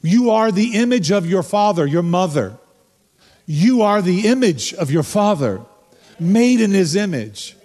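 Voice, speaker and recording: An older man preaching a sermon, telling stories and calling on people in the congregation in a relaxed, conversational way. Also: sits high, a little slow. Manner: conversational, storytelling preacher who addresses the congregation directly. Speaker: pastor. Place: church sanctuary before a congregation. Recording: long reverb from a church hall.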